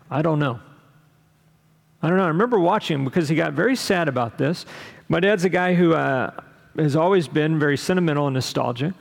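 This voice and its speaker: Gravelly Texan-raised man preaching. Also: fairly high pitch, long reverb tail. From Texas. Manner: conversational preaching with asides and questions to the congregation. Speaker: pastor. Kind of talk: sermon.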